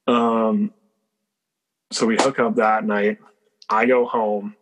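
A man's voice: lowish voice, little pitch movement, slow, background noise. A young man telling a story in casual chat. He says "like" constantly and swears freely.

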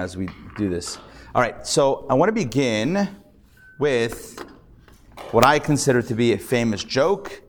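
A man, a rabbi, teaching a live class, telling jokes and chatting with the audience. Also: mid-range voice. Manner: lively, jokey storyteller, chats with the audience.

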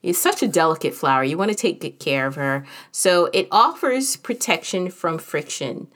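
A woman with a somewhat low-pitched voice tells a personal story in a loose, chatty way. She is candid and humorous, and her talk is full of casual fillers. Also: expressive, normal speed, a bit bright.

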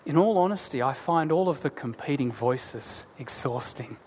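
A man preaching a sermon as a pastor, earnest and deliberate, asking rhetorical questions. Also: mid-range voice, animated, a little mellow, slight background noise. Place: church. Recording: long church hall reverb.

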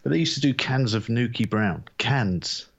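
A man co-hosting a sports podcast, talking in a deadpan, dry way and wandering into anecdotes. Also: medium pitch, moderate pace, slightly rough, muffled recording. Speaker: podcast co-host. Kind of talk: casual chat.

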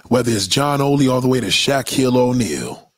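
A man's voice: medium pitch, animated, a little fast, dry recording. A man giving blunt, profane opinions in a casual, emphatic rant, often repeating himself. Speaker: commentator.

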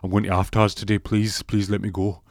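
A man's voice: fairly low pitch, little pitch movement, fairly quick, creaky, darkish tone, dry recording, studio quality. A man voicing a frightened male doctor who pleads to be let go. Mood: pleading.

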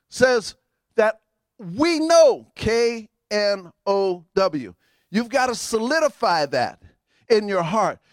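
A middle-aged man preaching with a high, ringing voice. He calls to the congregation for amens and punches certain words with sudden shouts. The sound is close and dry, with no room echo. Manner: call-and-response preaching, sudden shouted emphasis. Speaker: pastor. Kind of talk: sermon.

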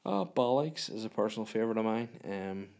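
A man's voice: fairly low pitch, fairly quick, darkish tone. A man with a Northern Irish accent hosting a casual solo podcast from a room at home. He answers listener questions in a sweary, self-mocking, rambling way. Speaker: podcast host.

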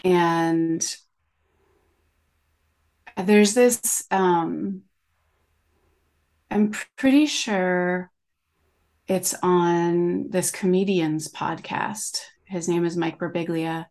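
A middle-aged woman, a coach talking as a podcast guest in an animated, rambling way, full of "like" and "you know". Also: on the low side, drawn-out words, pauses often. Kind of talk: conversational interview.

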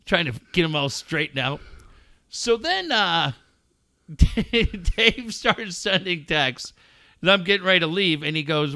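Male radio host, high and lively voice, slow delivery, brash profane storyteller. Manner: loud, mocking, animated storyteller who swears a lot. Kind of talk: casual profane banter.

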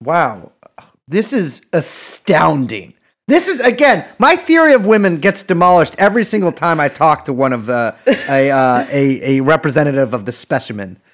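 A man's voice: fairly high pitch, lively intonation, fairly quick, few pauses. A man co-hosting a casual political podcast, joking around, swearing freely and often restarting his sentences. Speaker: podcast co-host.

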